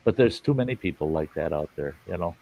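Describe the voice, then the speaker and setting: A man's voice: sits low, lively intonation, fast talker, vocal fry, narrow, tinny audio. A middle-aged man hosting a live stream, telling stories in a blunt, folksy way and swearing freely. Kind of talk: casual storytelling chat. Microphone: live stream mic.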